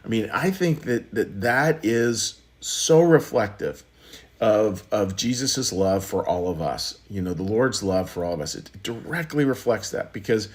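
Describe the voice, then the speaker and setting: Low-voiced man preaching casually. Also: lively intonation, a little slow. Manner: warm, conversational, repeats phrases with many restarts. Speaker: pastor. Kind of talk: sermon. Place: church livestream.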